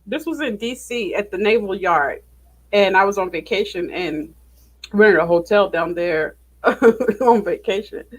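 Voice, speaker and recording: A woman's voice: medium pitch, expressive, unhurried, rough recording. A Midwestern American woman co-hosting a podcast, telling a story animatedly and laughing often. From United States. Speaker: podcast co-host. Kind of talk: casual chat.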